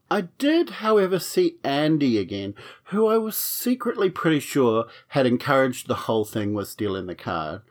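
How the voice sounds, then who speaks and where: A man recounts his own romantic misadventures in a frank, wry storytelling voice. He swears freely and plays up the comedy, with a mid-range pitch. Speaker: podcast storyteller. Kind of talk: comic personal storytelling.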